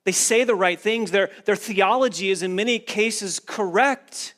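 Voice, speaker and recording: Man, pastor, sermon, emphatic, repetitive phrasing, somewhat high pitch. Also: unhurried, a bit bright. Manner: earnest, emphatic preaching with repeated phrases.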